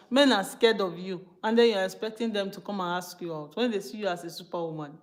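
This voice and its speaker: A woman with a Nigerian accent delivers an informal sermon to her live-stream viewers, speaking in a mid-range voice. She is emphatic and animated, drops into pidgin, and talks straight to her listeners. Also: mid-range voice, normal speed. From Nigeria, Benin City. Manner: emphatic and animated, switching between English and pidgin, asides to the viewers. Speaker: live-stream host teaching from the Bible.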